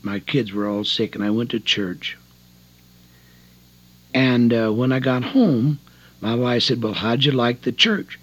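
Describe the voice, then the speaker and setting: Older male evangelist, husky and folksy, earnest testimony sermon, dull old tape quality. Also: medium pitch, a little slow, pauses often, a bit bright. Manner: folksy, earnest storytelling with rising emotional emphasis. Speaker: prison evangelist.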